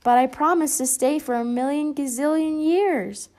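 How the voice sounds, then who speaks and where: A woman's voice: high-pitched, normal speed, a little mellow, pitched above the performer's own voice, close to an everyday voice. A woman voicing a stubborn, clingy mother who speaks in an insistent, cheerfully obstinate way.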